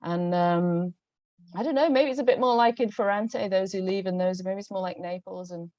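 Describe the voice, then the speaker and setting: A woman's voice: mid-range voice, moderate pace, darkish tone, no room sound. A woman with a Northern English accent, a novelist talking about her books on a video call, hesitant and full of restarts. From Northern England. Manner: hesitant, many restarts and ums. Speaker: novelist guest. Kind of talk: conversational book talk. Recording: dull lo-fi video call audio.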